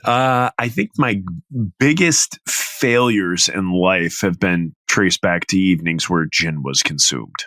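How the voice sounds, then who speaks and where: A man's voice: sits low, expressive, takes it slowly, a bit bright, no room sound. A man co-hosting a podcast, chatting casually, rambling off on tangents and laughing often. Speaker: podcast co-host. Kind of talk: casual chat.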